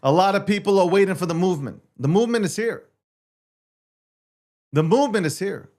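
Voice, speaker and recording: A man's voice: high-pitched, a little fast, darkish tone. A man hosting a show, ranting to viewers on a livestream in a brash, profane, boastful way, repeating phrases and firing rhetorical questions. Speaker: show host.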